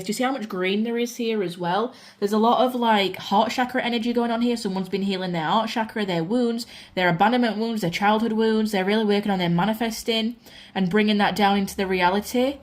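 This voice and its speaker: Brief: woman from the UK, gushing tarot reader, casual swearing, mid-pitched voice. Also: fast talker. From United Kingdom. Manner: chatty and excitable, swears casually, addresses viewers as guys. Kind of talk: pick-a-card tarot reading.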